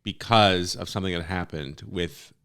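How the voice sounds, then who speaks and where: Smooth lower-voiced male co-host. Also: a bit bright. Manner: laughing, quick agreeing interjections. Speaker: podcast co-host. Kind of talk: casual comedic chat.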